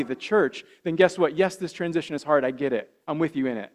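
A man, a pastor preaching a sermon with earnest repetition that swells louder on key phrases. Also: fairly high pitch, fast. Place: church.

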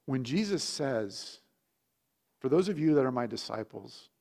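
A man's voice: mid-range voice, unhurried, gravelly. Man telling a sermon story. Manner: animated storytelling with lively shifts in volume. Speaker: pastor.

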